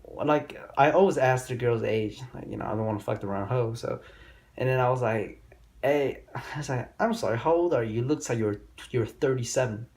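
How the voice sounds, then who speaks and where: A man's voice: medium pitch, darkish tone. A young man vlogging dating advice in a loose, rambling, profane storytelling manner with loose grammar. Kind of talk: casual storytelling monologue.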